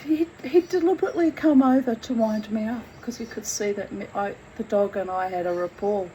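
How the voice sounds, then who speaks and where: A woman telling her own story in a candid, blunt and animated way, swearing freely as she goes. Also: medium pitch, brisk, highs cut off, slight background noise. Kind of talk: candid first-person storytelling.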